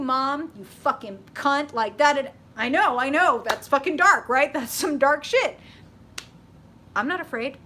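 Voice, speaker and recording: A woman giving a live tarot reading, blunt and profane, talking casually and getting animated as she goes. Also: on the high side, slight background noise. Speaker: tarot reader.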